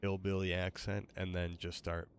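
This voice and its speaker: Deep-voiced tired male streamer. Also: flat delivery, moderate pace, a little hiss or hum. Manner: rambling, hesitant, many fillers. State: tired, yawning. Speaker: gaming streamer host. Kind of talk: casual gaming stream chat.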